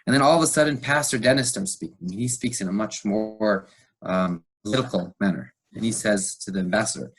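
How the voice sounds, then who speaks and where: A man from the United States, a podcast guest, retelling a tense story with animated delivery and fillers. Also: fairly low pitch, brisk, breathy edge. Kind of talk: storytelling interview.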